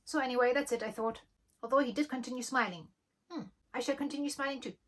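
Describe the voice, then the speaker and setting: Young woman vlogger, slightly high voice, lively storyteller. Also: fast talker. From Germany. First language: German. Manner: lively storytelling, acting out quoted dialogue. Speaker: channel host. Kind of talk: storytime vlog.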